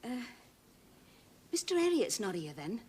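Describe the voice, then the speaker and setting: Modest farmer's wife, soft and hesitant, lively pitch. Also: female voice, measured pace, a little hiss or hum. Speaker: farm client. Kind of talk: 1970s television drama acting.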